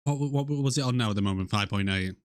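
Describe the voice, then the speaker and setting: A man's voice: fairly low pitch, fast talker, clear, resonant tone, no room sound, clean studio sound. A man co-hosting a movie podcast in casual banter, laid-back, blunt and sweary. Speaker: podcast co-host.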